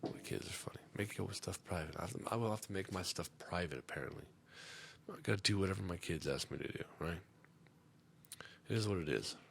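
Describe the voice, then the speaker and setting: A middle-aged man on a comedy podcast telling a profane story, swinging between loud outbursts and muttered asides. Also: sits low, brisk, gravelly, slight background noise. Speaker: podcast host.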